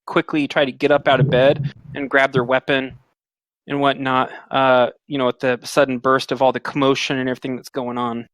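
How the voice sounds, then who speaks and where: Halting dungeon master man, dry sound. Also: medium pitch, level tone, a bit bright, dry recording. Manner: loose and halting, with many fillers. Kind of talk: narrating a tabletop game.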